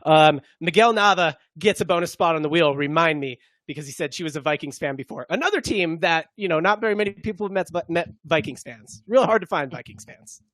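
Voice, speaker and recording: A man's voice: fairly high pitch, animated, fairly quick, hardly any pauses, fairly bright tone, dry recording. A man co-hosting a sports podcast, chatting casually in a jokey, rambling way. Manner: jokey, rambling, slips into mock accents. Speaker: podcast co-host.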